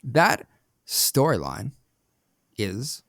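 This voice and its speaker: A man's voice: medium pitch, very animated, extremely slow, creaky, fairly bright tone, dry recording. Blunt man on a dry, close mic. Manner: blunt, opinionated with swearing. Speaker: podcast co-host. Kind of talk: casual film review chat.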